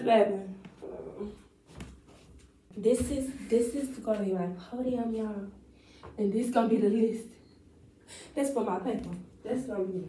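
A woman's voice: fairly high pitch, warm tone, echoey room, slight background noise, low-quality recording. Blunt young woman. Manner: blunt, profane, chatty. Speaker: vlogger and acting student. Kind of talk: casual vlog chat. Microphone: phone camera.

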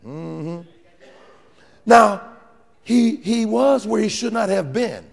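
High, lively gravelly preacher man. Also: a little slow, in a large hall. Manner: call-and-response preaching with sudden shouts and drops; playful teasing of the congregation. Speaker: pastor. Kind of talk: sermon. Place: church sanctuary with congregation.

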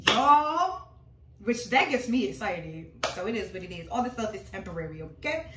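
A woman's voice: mid-range voice, sing-song, normal speed, echoey room, noisy background. A woman talking casually and dramatically to her followers about her faith, calling them y'all. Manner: emphatic, dramatic, addresses viewers as y'all. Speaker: religious vlogger.

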